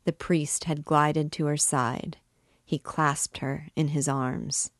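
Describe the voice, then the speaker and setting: A woman reading a classic novel aloud as a guide, in a measured and deliberate way. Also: sits low, fairly even intonation, dry recording, studio quality. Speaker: book reader and guide.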